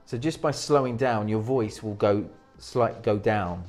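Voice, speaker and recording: Male presentation coach, low-pitched, energetic, restarts sentences mid-thought, faint music underneath. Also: unhurried. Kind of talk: interview advice.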